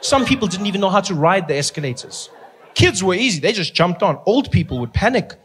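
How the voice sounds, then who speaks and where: A male stand-up comedian telling stories in an animated way, acting out scenes and laughing through his lines. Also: high voice, fast, background noise. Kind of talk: stand-up storytelling.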